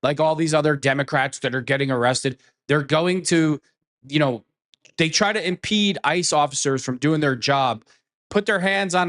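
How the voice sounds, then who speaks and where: A man's voice: on the high side, normal speed, a bit bright. A man hosting a political commentary show, reacting to clips in a scornful, mocking way and swearing.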